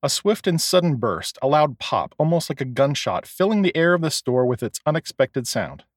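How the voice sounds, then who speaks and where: Brief: male storyteller, lively pitch, dry close studio sound. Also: moderate pace, dry recording. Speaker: narrator. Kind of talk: audiobook narration.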